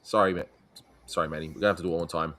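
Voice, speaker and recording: A man's voice: sits low, very fast. A man with an Australian accent hosting a casual chat, joking and bantering with his guest. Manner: jokey, lively banter. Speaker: host.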